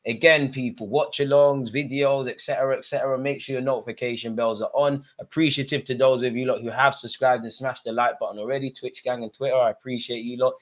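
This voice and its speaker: A man hosting a live football watch-along, chatting to viewers and shouting at players and the referee. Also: mid-range voice, fast, few pauses. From Eritrean heritage. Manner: excitable, shouts at players and ref; chatty, joking asides. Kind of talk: live match commentary to viewers.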